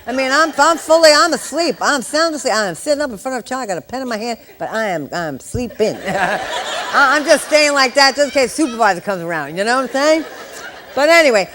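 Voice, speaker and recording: A woman's voice: high-pitched, animated, fairly quick, fairly bright tone, some chatter behind. A woman in her sixties, a veteran nurse educator, giving a live exam-prep lecture full of joking, chatty asides to the class. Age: 60s.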